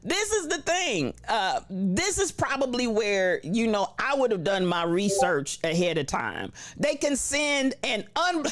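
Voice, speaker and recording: A livestream host in casual chat, reading viewer comments aloud with slangy shout-outs and frequent laughter. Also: medium pitch, sing-song, unhurried, few pauses.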